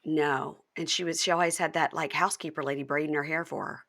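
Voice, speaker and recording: A woman's voice: sits low, fairly even intonation, quick pace, fairly bright tone. A woman hosting a podcast, recapping reality TV in gossipy, swearing casual chat. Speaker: podcast host.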